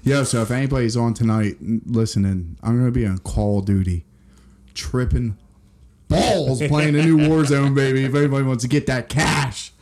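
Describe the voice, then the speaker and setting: A man's voice: mid-range voice, moderate pace. A man co-hosting a casual podcast, cracking crude profane jokes. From Philadelphia. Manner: crude joking, profane, animated. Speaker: podcast co-host. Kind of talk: casual chat.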